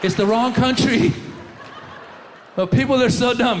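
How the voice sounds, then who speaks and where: A male comedian works the crowd from a theater stage, riffing in an exasperated, conversational way. His voice sits high for a man. The stage mic catches a long hall reverb and faint background noise. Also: a little slow, long pauses. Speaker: stand-up comedian. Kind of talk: stand-up comedy.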